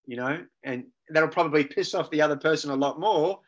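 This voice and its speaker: A man's voice: on the high side, fairly quick, highs cut off. A man who works as a life coach, talking with energy as a podcast guest and often checking in with "right?". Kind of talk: casual podcast conversation.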